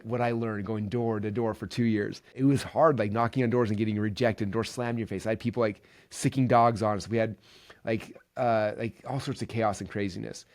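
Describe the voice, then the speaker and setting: A man hosting a podcast, telling stories in a casual, enthusiastic monologue full of "like" and "right". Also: on the low side. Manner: energetic, enthusiastic, many fillers like "like" and "right". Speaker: podcast host.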